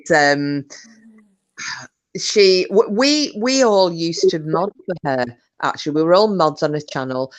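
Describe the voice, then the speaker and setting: A woman's voice: on the low side, unhurried, rough recording. A woman hosting a casual livestream, telling gossip with lots of swearing and laughter. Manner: animated gossiping storyteller, swearing, laughing often. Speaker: livestream host.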